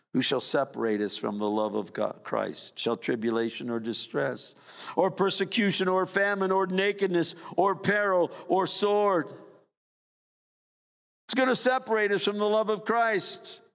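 An older male pastor delivers a sermon slowly and deliberately, in a slightly high voice. He lifts key phrases, then drops low and soft. His voice rings with a long reverb, as if filling a church hall. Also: creaky. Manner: preaching with sweeping rises and drops in pitch.

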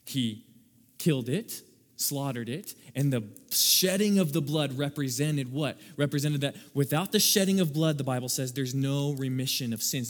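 Animated male pastor in a reverberant hall. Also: medium pitch. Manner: animated, acts out little scenes, laughs at own jokes. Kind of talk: sermon.

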